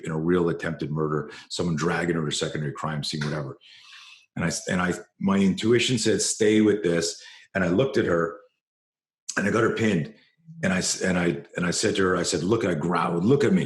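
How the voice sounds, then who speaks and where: Deep-voiced self-defense trainer telling a story. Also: male voice, echoey room. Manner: animated storyteller, rising in pitch and force when excited. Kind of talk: storytelling in an interview.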